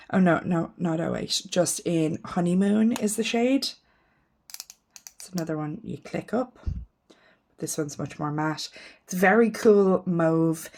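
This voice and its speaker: A woman with a low voice talks through her lipsticks in a casual vlog. She thinks out loud, trails off into ums and pokes fun at her own choices with frank, easy candour. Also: vocal fry, slight background noise. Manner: frank and self-mocking. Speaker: beauty vlogger. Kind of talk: casual makeup declutter chat.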